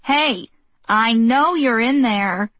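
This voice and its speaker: A woman's voice: medium pitch, lively intonation, slow pace, slightly rough, no room sound. A woman voicing a frail, skinny older woman who bluntly scolds and snaps orders at her neighbors. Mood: shouting.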